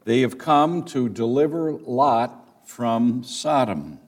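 A male preacher works through a scripture passage in an expository sermon, leaning hard on key words for emphasis. He speaks slowly and deliberately, letting each phrase land. His voice sits at an ordinary middle pitch. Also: lively intonation. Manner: deliberate, emphatic teaching delivery. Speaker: pastor.

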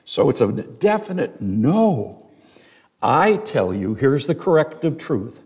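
A male pastor preaching a sermon, emphatic, with rhetorical questions and dramatic pauses. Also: mid-range voice, very animated, a little mellow, husky.

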